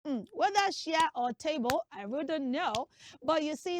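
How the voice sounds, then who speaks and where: A woman hosting a children's show, teaching name pronunciation in a lively, sing-song way. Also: high voice, unhurried.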